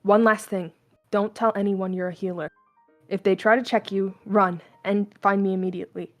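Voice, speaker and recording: Field: stern skeleton soldier, read by a woman. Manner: low, commanding. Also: steady tone, moderate pace, faint music behind, lightly acted. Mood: instructing. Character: stern young male skeleton soldier, guarded and bitter.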